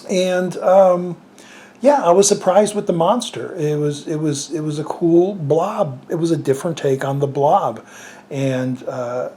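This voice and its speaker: A man's voice: on the high side, unhurried, mellow, slight background noise. A man reviewing a film in a casual way, rambling with many fillers and restarts and chuckling now and then. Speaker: movie reviewer.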